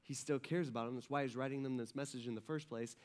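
A male pastor preaching a sermon in a casual, conversational way, often checking in with the congregation and dropping low and soft for emphasis. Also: steady tone, fast. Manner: conversational, frequent "right?" asides; acts out quoted voices, drops soft and low for emphasis.

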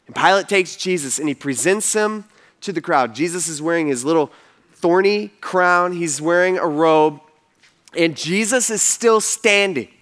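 High-voiced preacher, vivid animated storytelling, casual fillers. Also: male voice, unhurried. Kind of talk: storytelling sermon.

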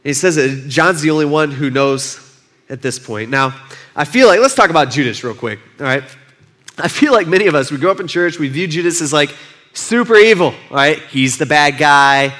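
A young man giving a casual, conversational sermon, retelling a story and acting out the quotes with lively shifts in voice. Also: on the high side, moderate pace. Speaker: pastor.

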